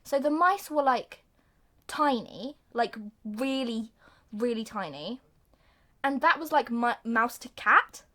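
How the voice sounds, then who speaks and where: Giggly young woman, fairly high voice. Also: lively intonation, bright, forceful tone. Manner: giggly, breathless retelling with sung bits and quick voice changes. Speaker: film reviewer. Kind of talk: casual comedic review.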